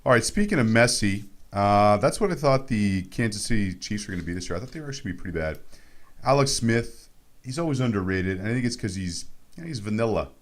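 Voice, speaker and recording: A man's voice: on the low side, expressive, quick pace. A Canadian man hosting a fantasy sports radio show in a playful, casual chat full of goofy tangents.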